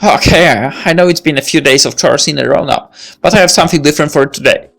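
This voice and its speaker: A woman voicing a gentle, fond old grandfather while reading a visual novel aloud. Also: sits low, vocal fry, faint music behind. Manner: slow, fond, grandfatherly delivery.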